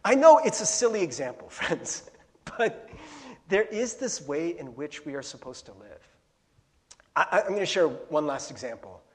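A middle-aged male pastor preaching a casual, storytelling sermon, chatty and laughing, breaking into bursts of yelling as he retells his own anecdotes. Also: on the high side, sing-song, moderate pace. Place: church sanctuary. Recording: long hall reverb.

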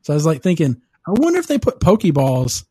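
A man's voice: a little high, wildly swooping pitch, fast, warm tone, slightly rough, no echo. A man chatting casually as a podcast co-host, rambling and laid-back, cursing and laughing at his own ideas. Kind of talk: casual chat.

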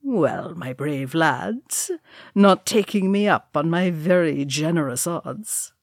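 Grizzled old tavern hustler, played by a woman reader, low and sly, audiobook. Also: lively intonation, slow, dry recording, studio quality, exaggerated voice.

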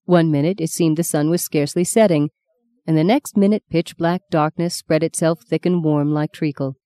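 Woman narrating a novel, mellow and low. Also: no echo. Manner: steady, measured storytelling. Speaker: audiobook narrator. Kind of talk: scripted narration.

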